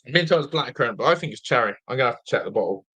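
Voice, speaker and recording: A young man hosting a live football watch-along, chatting excitedly, reacting to play and reading viewer comments aloud, with a slightly blocked nose. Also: mid-range voice, rapid-fire, husky. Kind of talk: live fan commentary and chat.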